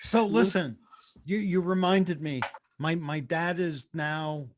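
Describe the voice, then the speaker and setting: Teasing middle-aged co-host, slightly high voice. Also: male voice, takes it slowly, crowd noise. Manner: teasing, deadpan storyteller. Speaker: podcast co-host. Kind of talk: casual chat on a video call. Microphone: video call.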